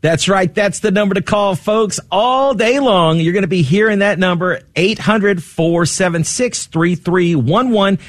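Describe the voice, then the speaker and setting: A man hosting a radio pledge drive, urgently asking for donations and slowly repeating the phone number. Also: high-pitched, no room sound, studio quality. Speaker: radio fundraiser host. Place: radio studio.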